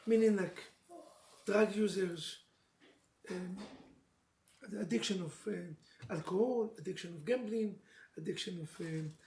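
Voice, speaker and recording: Rabbi, high gravelly voice, emotional storyteller, echoey room. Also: male voice, a little mellow. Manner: emotional storytelling, mixes Hebrew phrases, jokes with listeners. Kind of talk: animated sermon to a live audience. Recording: echoey room with faint noise.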